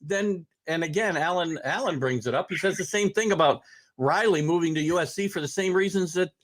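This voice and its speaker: A man's voice: sits high, brisk. A man hosting a casual sports talk show, chatting and pushing back on his guest. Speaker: host.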